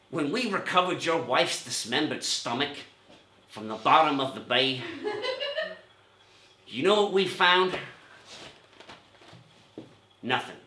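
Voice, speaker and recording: A man doing Columbo, a quiet, dogged old-school detective. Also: fairly high pitch, exaggerated voice. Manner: slow, quiet drawl, keeps saying "sir" and "you see". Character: rumpled dogged male TV police lieutenant. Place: comedy club stage. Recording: roomy club echo.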